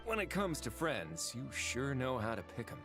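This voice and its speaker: A man's voice: mid-range voice, big pitch swings, moderate pace. An actor voicing a wry, laid-back male prison warden in a video game, speaking in a dry, amused drawl. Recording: game audio over music.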